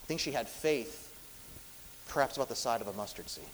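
A man preaching a sermon as pastor, swinging between loud, emphatic lines and hushed, quiet ones. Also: mid-range voice, expressive, brisk, in a large hall, slight background noise, poor audio.

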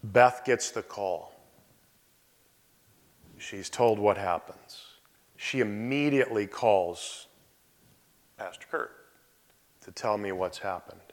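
A male pastor preaching a sermon, expressive, often dropping to quiet asides. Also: lowish voice, slow, pauses often. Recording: long hall reverb.

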